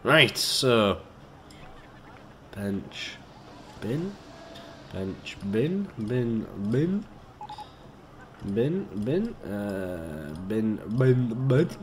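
A man's voice: lowish voice, big pitch swings, extremely slow, long pauses, a little hiss or hum. A man giving let's play commentary, chatty and joking, swearing and talking to himself as he builds. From Britain. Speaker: gamer.

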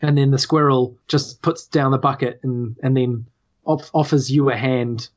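A woman's voice: very deep voice, steady tone, normal speed, darkish tone, dull audio. A woman with a New Zealand accent narrating as game master, hesitant with many fillers.

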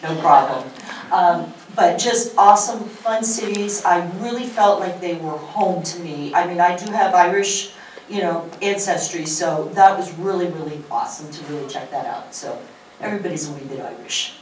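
A woman's voice: on the low side, moderate pace, a little hiss or hum. Brief: eager woman on a travel panel, distant mic in a very echoey room. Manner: enthusiastic, gushing. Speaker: panel speaker. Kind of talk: casual panel talk. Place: large room at a public event.

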